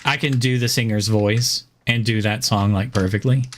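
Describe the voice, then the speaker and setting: A man's voice: on the low side, steady tone, normal speed, slight background noise. Rambling man chatting on a game stream. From Southern United States. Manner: rambling, chuckles often, many fillers. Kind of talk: casual gaming stream chat.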